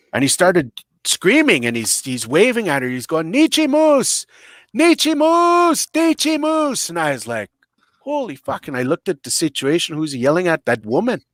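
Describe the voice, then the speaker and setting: A man's voice: medium pitch, fairly bright tone, no echo. A man on a podcast, telling crude comic stories in a blunt, boisterous, self-mocking way and swearing often. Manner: boisterous, swears a lot, acts out voices in stories. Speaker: podcast guest.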